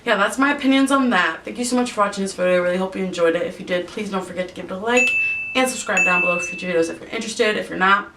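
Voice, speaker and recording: A young woman vlogger ranting with a lot of swearing while she does her makeup at home. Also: racing. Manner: profane, exasperated ranting. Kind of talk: rant while doing makeup. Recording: slightly distant mic, faint rumble.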